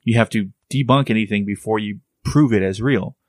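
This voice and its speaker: A man's voice: fairly low pitch, fairly quick, dry recording. A man co-hosting a podcast, talking casually and rambling through restarts as he explains ideas. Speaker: podcast co-host. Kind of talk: casual chat.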